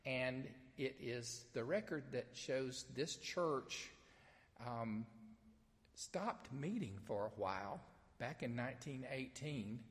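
A man with a Southern accent, a pastor from Mississippi, preaching an Easter sermon in a folksy storytelling way with gentle humor. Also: medium pitch, big-room sound. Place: sanctuary with only a few people present.

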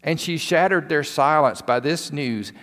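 A man's voice: on the high side, measured pace, fairly bright tone. A male pastor preaching a sermon in a church, retelling a story with emphatic repetition. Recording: long hall reverb.

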